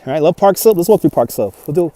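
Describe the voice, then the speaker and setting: A man's voice: on the high side, lively intonation, fast talker, warm tone, no echo. A man hosting a casual walking livestream outdoors in a snowy park, chatting and answering viewer comments while holding a phone on a gimbal. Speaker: livestream host. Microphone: phone on a handheld gimbal.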